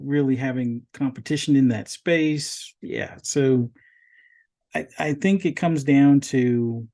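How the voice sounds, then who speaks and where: Man, podcast co-host, mellow tone, hesitant thinking-aloud delivery. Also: medium pitch. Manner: hesitant, restarts sentences while reasoning. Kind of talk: casual gaming podcast chat.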